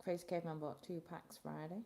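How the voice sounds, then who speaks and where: A woman's voice: deep voice, little pitch movement, brisk, gravelly, dark tone. A woman co-hosting a live stream, chiming in with short, dry interjections. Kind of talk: casual chat.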